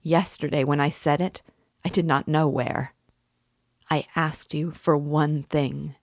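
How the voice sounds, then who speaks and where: A tormented young man confessing in slow, heavy words, as a woman reads him aloud from a novel. His lines rise into despairing cries, in a dry, close recording. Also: low voice, steady tone, dry recording, full character voice. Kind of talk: audiobook reading.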